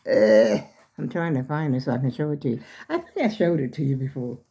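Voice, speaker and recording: An older woman talks in a loose, rambling way, calling her viewers y'all. Her voice is mellow and a little short of breath. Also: extremely low pitch, sing-song, fairly quick. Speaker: vlogger showing her clothes. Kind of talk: casual chat to viewers.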